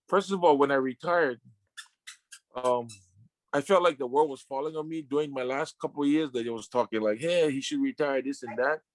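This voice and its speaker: A man in his fifties, a retired sumo wrestler, telling his story in an interview with emotional, halting restarts and casual slang. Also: medium pitch, dry recording. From Samoan family.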